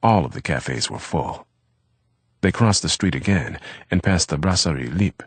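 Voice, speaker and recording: A man reading a novel aloud as an audiobook narrator, with a measured, steady delivery. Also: deep voice, breathy edge, no room sound.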